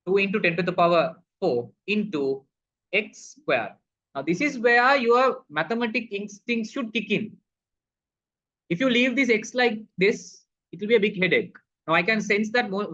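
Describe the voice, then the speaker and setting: His high voice comes across bright and forceful as this male physics teacher steps through a problem, asking questions and supplying the answers, addressing everyone as "people". The lesson recording is dull and lo-fi.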